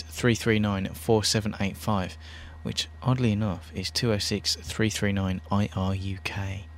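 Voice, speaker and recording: A man's voice: lowish voice, little pitch movement, unhurried, few pauses. A British man hosting an internet radio show, chatting casually in a rambling, self-deprecating way.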